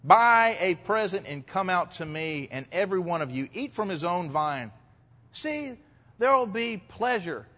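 A man's voice: sits high, big pitch swings, measured pace, pushed and bright. A man preaching an expository sermon as pastor, reading verses and rising to emphatic points. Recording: long hall reverb.

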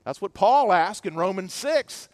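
High-pitched guy preaching a sermon, goes loud then quiet, dry close sound. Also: a little slow, no echo. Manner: expressive preaching, swinging from loud to hushed. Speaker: pastor. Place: church.

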